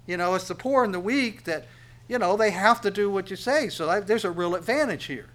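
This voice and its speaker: Preacher man with a slightly high voice. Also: expressive. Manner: reads verses aloud slowly, then explains in a plain conversational tone; swings between loud emphatic reading and quiet, dropped asides. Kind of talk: sermon with scripture reading.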